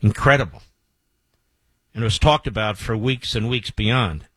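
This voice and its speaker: A man's voice: lowish voice, moderate pace, a bit bright, breathy edge, dry recording. A man hosting talk radio, speaking emphatically and boastfully and repeating key phrases for effect. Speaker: radio talk show host.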